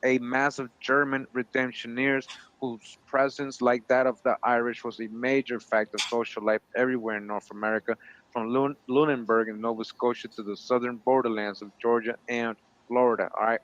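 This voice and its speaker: Bright-voiced man reading sources aloud. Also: mid-range voice, flat delivery, normal speed. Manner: reads citations in full, short comments. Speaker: show co-host. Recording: dull, lo-fi sound.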